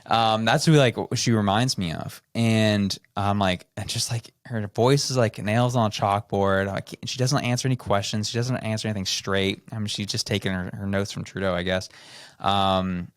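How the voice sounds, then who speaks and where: A Canadian man co-hosting a podcast, talking politics in a lively, casual way and mimicking other people's voices. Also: fairly low pitch, normal speed, no room sound, clean studio sound. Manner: animated, mocks voices of others. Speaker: podcast co-host. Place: studio.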